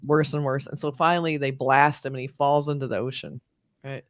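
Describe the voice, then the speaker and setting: A woman's voice: rumbling low, a little fast, dry recording, clean studio sound. A woman co-hosting a casual anime review chat, retelling scenes and acting out the characters' lines. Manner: animated, acts out scenes in character voices. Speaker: movie review co-host.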